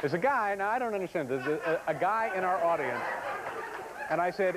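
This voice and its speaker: A man in his forties runs a late-night comedy monologue with wry, deadpan timing. His voice sits a bit high for a man. Clear audience noise fills the studio around him. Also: fast. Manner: wry, deadpan joking banter. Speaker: talk show host. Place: TV studio before a live audience.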